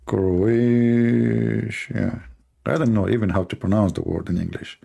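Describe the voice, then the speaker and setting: Gravelly man hosting a rambling livestream. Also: lowish voice. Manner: animated, joking, teasing, with halting non-native grammar. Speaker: live-stream show host. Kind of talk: rambling live-stream monologue.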